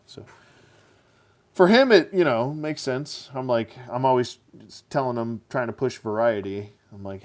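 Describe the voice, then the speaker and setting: A man's voice: medium pitch, lively intonation, moderate pace. A man casually reviewing action figures as he builds them, chatty and goofy, slipping into silly rhymes.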